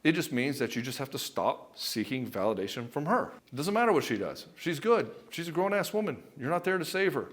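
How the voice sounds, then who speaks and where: A man's voice: on the high side, sing-song, fairly quick, hardly any pauses. A man coaching husbands in a direct, blunt and emphatic talk, with casual swearing and stories from his own marriage, calling the listener brother. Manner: addresses the viewer as brother; tells personal anecdotes. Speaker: relationship coach.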